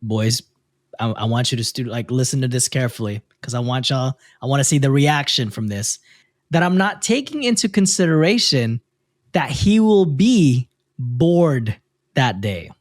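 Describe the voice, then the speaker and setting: A man reading forum posts aloud on a casual podcast, his pitch rising and falling a lot as he goes. He stops for quick asides to his co-hosts. The sound is dry and close to the mic. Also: lively intonation, dry recording.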